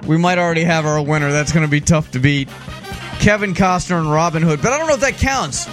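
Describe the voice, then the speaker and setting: A man's voice: on the high side, a bit bright. A man hosting a casual sports talk radio show, chatty with frequent restarts. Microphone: studio mic.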